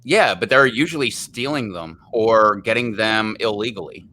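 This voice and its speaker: A man hosting a casual live chat, argumentative and quick to explain at length. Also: lowish voice, pushed and bright. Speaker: host.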